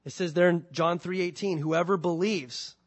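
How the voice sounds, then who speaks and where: Pastor guy preaching, voice a bit high, gets loud then goes quiet, keeps asking the crowd stuff. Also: normal speed. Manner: animated preaching with sudden loud rises and soft drops; conversational, asks the congregation questions. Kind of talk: sermon.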